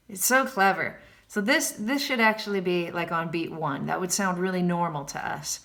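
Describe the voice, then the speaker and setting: A piano teacher with a lowish voice and moderate pace leads a laid-back jazz lesson, voicing the beat counts, scatting melodies and adding self-mocking chatter. The room with the piano is echoey, and the instrument can be heard underneath.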